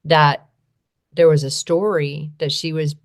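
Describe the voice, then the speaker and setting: Woman from the US, low voice, earnest conversational storyteller on a podcast. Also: flat delivery, a little slow. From United States. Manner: earnest, repeats phrases, frequent "right?". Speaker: guest advocate on trauma and poverty.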